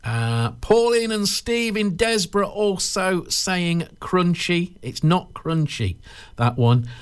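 Give me an English man hosting local radio, his voice pitched high for a man. He talks in loose, jokey banter, rambling along and tripping over repeated words as he goes. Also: animated, slow, smooth. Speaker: radio presenter.

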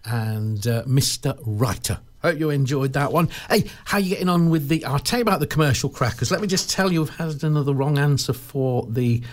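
A man's voice: mid-range voice, fairly quick, hardly any pauses. A man with an English accent presenting a local radio show, in chatty, jokey banter that rambles and stumbles over repeated words.

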